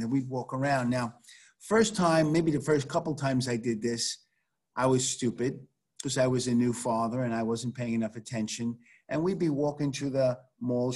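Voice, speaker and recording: A middle-aged man, a chemistry teacher, giving an online class in a conversational, storytelling way over a video call. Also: mid-range voice.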